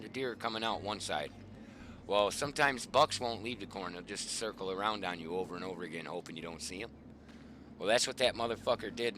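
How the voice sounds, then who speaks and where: A middle-aged man, the host, casually telling hunting stories in a profane, animated way. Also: on the low side, background noise. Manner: profane, animated, swearing often. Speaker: show host.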